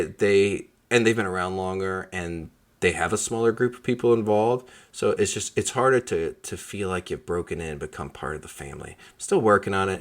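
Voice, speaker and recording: Male podcast host, low-ish voice, casual and jokey, lots of ums. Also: fairly bright tone. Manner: rambling, joking, many fillers. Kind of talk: casual interview chat.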